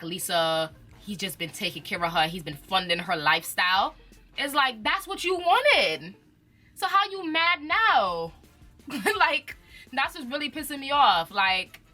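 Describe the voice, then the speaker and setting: A young woman, chatting casually about reality TV with lots of slang and laughter. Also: mid-range voice. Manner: animated, chatty, uses slang and laughs often. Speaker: reality TV commentator. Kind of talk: casual chat.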